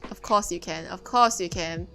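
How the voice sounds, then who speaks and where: Young woman, bright voice, animated casual chat, faint music behind. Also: lowish voice, moderate pace, creaky, rough recording. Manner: laughs often, animated and swearing. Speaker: streamer host.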